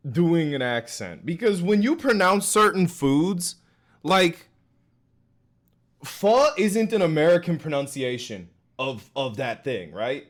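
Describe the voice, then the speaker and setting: Chatty, lively-voiced streamer guy. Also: fairly high pitch, takes it slowly. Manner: loose, slangy, laughs often, lots of fillers. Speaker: streamer reacting to a video. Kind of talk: casual chat.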